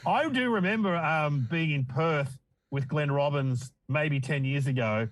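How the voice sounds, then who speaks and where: A man's voice: a little high, a little slow, no room sound, low-quality recording. A middle-aged man with an Australian accent, a comedian guest telling wry, self-deprecating stories in casual chat.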